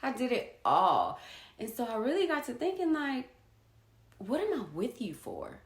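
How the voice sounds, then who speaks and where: A woman's voice: a little high, wildly swooping pitch, moderate pace, roomy sound. A woman talking candidly and emotionally about her life, blunt and swearing freely. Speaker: vlogger. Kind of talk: candid personal monologue.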